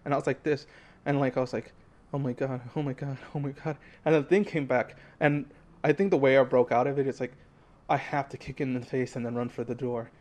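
A young man co-hosting a podcast, telling a story in a loose, animated way with lots of fillers. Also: mid-range voice, fast talker. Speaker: podcast co-host. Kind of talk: casual chat.

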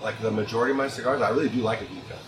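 A man's voice: fairly low pitch, racing. Casual Texan man, rambling talker, echoey noisy room. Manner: relaxed, rambling, repeats words. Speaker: tobacconist guest. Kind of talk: casual chat. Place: inside a train car lounge. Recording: roomy echo, clear background noise.

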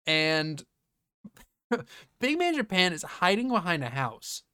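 A man hosting a casual podcast, retelling a film scene by scene in an animated, profane way with lots of fillers. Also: high voice, takes it slowly, smooth, no room sound, clean studio sound. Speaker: podcast host.

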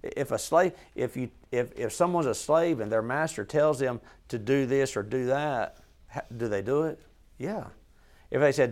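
Gravelly man teaching a Bible study. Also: mid-range voice, normal speed, darkish tone. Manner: conversational, asks the group questions, frequent restarts; earnest and emphatic. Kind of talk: informal Bible teaching to a small group.

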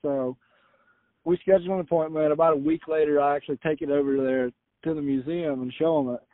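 Casual storyteller from Florida, man, slightly high voice, tinny phone-like line. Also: steady tone, fairly quick, dry recording. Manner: rambling, self-correcting with frequent "uh". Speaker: guest storyteller. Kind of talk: casual anecdote.

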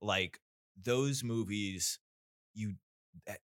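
A man's voice: on the low side, extremely slow, clear, resonant tone, no room sound, clean studio sound. A man co-hosting a podcast, chatting casually about movies, rambling, swearing freely and laughing often. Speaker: podcast co-host. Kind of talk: casual movie review chat.

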